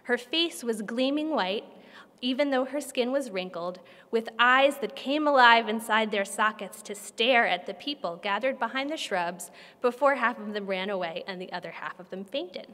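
A woman translator reads a novel aloud to an audience. Her reading is measured and expressive. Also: fairly high pitch. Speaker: literary translator. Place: conference room. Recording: long hall reverb.

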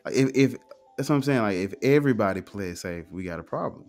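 Male guest, casual and animated, swears freely, pitch leaps on emphasis; faint music bed. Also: fast talker. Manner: animated, emphatic, swearing, frequent "you know what I'm saying". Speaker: guest, atheist streamer. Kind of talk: casual conversation.

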